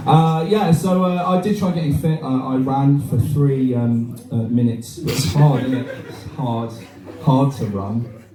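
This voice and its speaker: In a small bar, a male stand-up comedian with a mid-range voice and steady tone works through a crude, self-deprecating set, chatting with the audience at a slightly slow pace. A distant mic gives a roomy live sound, with a crowd and laughter in the background.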